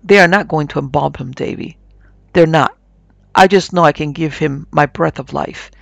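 A man voicing an old rural woman said to be half witch, calm, coaxing and folksy. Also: fairly high pitch, moderate pace, creaky, no room sound, full character voice. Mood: insistent.

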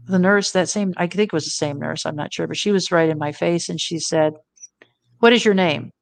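A middle-aged woman telling a personal story as an interview guest, earnest and reflective. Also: low-pitched. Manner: earnest, reflective, quotes her own thoughts.

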